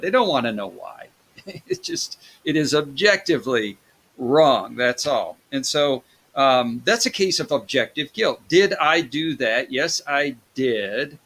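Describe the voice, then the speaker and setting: A man's voice: mid-range voice, fairly bright tone. Rambling male psychology lecturer. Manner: rambling, conversational, many fillers and restarts. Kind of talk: recorded classroom lecture.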